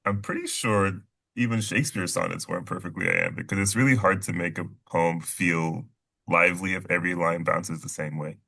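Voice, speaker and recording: Deep, gravelly, hesitant man. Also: steady tone, a little fast, bright, forceful tone. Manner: hesitant, tentative. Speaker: podcast co-host. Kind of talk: casual chat.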